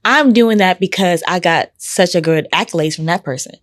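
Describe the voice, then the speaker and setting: A woman's voice: on the low side, moderate pace, dry recording. A woman guest in casual chat who talks earnestly about faith and giving back, getting emotional. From Houston, Texas. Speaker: podcast guest, salon co-owner.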